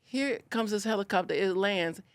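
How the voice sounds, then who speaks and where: A woman's voice: medium pitch, normal speed. A woman guest on a podcast, telling a story in a dramatic, sassy way and acting out the voices of the people in it. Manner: dramatic, acts out voices and shrieks in stories; sassy, expressive. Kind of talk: animated storytelling chat. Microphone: studio podcast mic.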